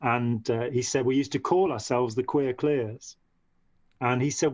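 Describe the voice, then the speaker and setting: A man's voice: mid-range voice, fairly even intonation, measured pace, darkish tone, dry recording. Guy rambling thru a long story on a podcast, lots of you knows, lo-fi dry sound. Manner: rambling, with frequent "you know" and restarts. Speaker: podcast guest, former member of a movement. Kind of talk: long-form storytelling in conversation. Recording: dull, dry lo-fi audio.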